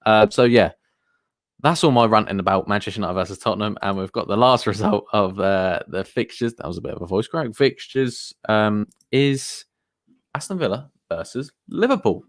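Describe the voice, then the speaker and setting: A man's voice: lowish voice, lively intonation, normal speed, no echo, studio quality. Chatty man rambling on stream. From England. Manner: rambling, chatty, reads out viewer comments. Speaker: football streamer. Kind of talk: live stream chat.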